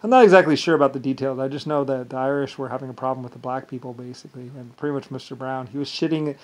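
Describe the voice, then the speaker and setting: In a very fast, mid-range voice, a man delivers a meandering, rambling monologue, frequently restarting sentences and relying on repeated fillers.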